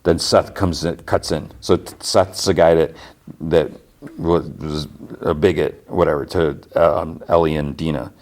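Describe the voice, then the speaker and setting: A man's voice: a bass voice, fairly even intonation, measured pace, darkish tone. A man hosting a podcast, casually retelling a TV episode scene by scene, quoting the characters loosely and adding his own asides. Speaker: podcast host.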